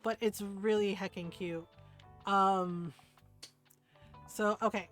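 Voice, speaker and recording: A woman's voice: mid-range voice, fairly even intonation, measured pace, long pauses, a bit bright, soft background music. A woman streamer chatting casually while playing a game, gushing and rambling with lots of "like" and "right?". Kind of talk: casual chat while gaming.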